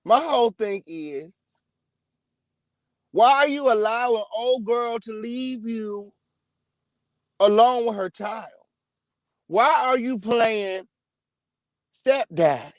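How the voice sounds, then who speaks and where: A man hosting a celebrity gossip channel, giving an emphatic, profanity-heavy rant with sudden loud outbursts. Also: very high voice, takes it slowly, pauses often, dry recording, studio quality. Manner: profane, emphatic, repeats "okay?" and "period". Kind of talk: ranting celebrity gossip commentary.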